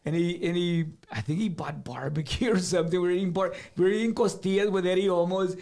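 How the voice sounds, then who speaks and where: High-voiced dude telling a story, animated, laughs a lot. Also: male voice, fast talker, creaky. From South Texas. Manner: animated, laughing, repeats words. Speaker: guest musician. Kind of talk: casual storytelling.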